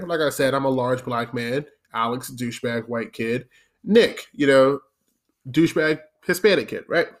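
A man telling a funny story in a casual, profane way, laughing often and acting out the other people's lines. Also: fairly high pitch. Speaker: podcast host telling a story.

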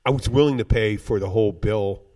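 A man's voice: fairly low pitch, brisk, warm tone, recorded from a distance. A man from Philadelphia hosting a casual podcast chat, telling brash, profane stories about bartending.

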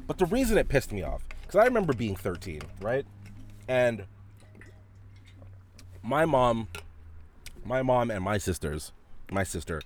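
A male podcast host telling a story as a profane, animated rant, coughing now and then from a dry throat. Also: sits low. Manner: profane, animated, frequent restarts.

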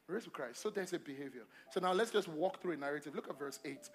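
A male pastor preaching a sermon at a church service, emphatic and repetitive, swinging between loud calls to the congregation and quiet asides. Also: on the high side, animated, quick pace. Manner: repeats phrases and asks the congregation questions.

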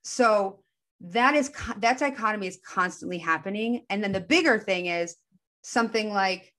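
A woman talking in an earnest, casual way about spiritual self-help, often acting out the voices inside her head with quick shifts in tone. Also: mid-range voice, a bit bright.

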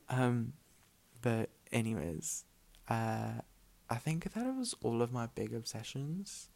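A man's voice: mid-range voice, lively intonation, normal speed, creaky, a little mellow. A young man hosting his own podcast, rambling in casual chat full of filler words and tending to mumble his words together. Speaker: podcast host.

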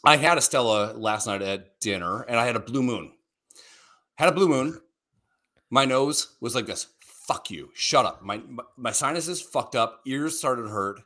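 A man's voice: medium pitch, expressive, moderate pace, pushed and bright. A middle-aged man co-hosting a podcast in crude, rambling casual chat, swearing freely and laughing often. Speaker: podcast co-host.

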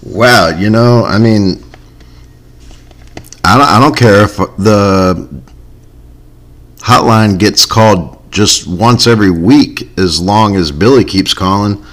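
A man's voice: fairly low pitch, takes it slowly, pauses often, a bit bright. A man hosting a comedy podcast, talking in a laid-back, dry way that often trails off. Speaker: podcast host. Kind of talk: casual comedy podcast chat.

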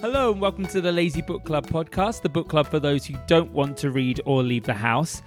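A man's voice: fairly high pitch, a little fast, over music. A man hosting a casual book club podcast, chatty and upbeat, laughing often. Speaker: podcast host.

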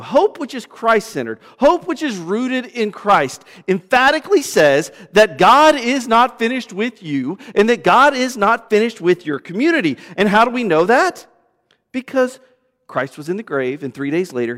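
A man preaching a sermon as pastor, swinging from loud emphasis to hushed, low passages. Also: in a large hall.

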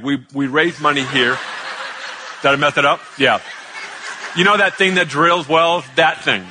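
A male pastor telling a story in a sermon, chatty and animated, joking with the congregation. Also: medium pitch, measured pace.

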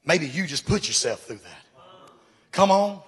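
A man preaching a sermon to his church, swinging from loud calls to hushed asides. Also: on the high side, big pitch swings, measured pace, husky, big-room sound. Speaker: pastor.

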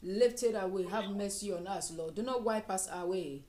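A woman's voice: medium pitch, moderate pace, darkish tone. A woman leading a fervent prayer session, repeating lines and breaking into tongues. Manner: fervent, repetitive, with bursts of speaking in tongues. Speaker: prayer leader.

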